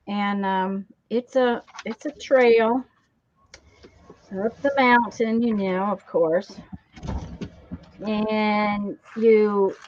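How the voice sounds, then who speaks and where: A woman with a medium, steady voice talks extremely slowly with long pauses, and there's a little hiss or hum on the dull lo-fi recording. She hosts a casual craft channel live stream, rambling through stories full of fillers and restarts.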